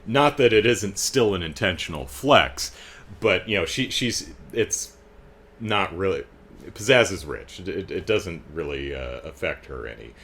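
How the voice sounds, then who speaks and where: A man's voice: sits low, animated, measured pace, fairly bright tone. A middle-aged man hosting a casual commentary, chatting with frequent fillers and restarts and wry, amused asides. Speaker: host reading and discussing comics.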